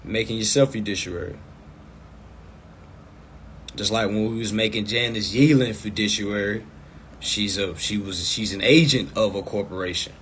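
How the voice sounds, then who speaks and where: A man coaching viewers in a casual live stream over a phone mic, blunt and profane, repeating himself and breaking into loud, emphatic bursts. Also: lowish voice, moderate pace, long pauses, slight background noise.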